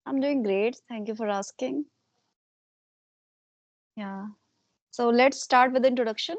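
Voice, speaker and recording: A woman's voice: a little high, dry recording, highs cut off. A woman from India, a teacher politely asking questions in a conversation practice interview. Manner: polite, measured, asks questions. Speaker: English teacher and channel host.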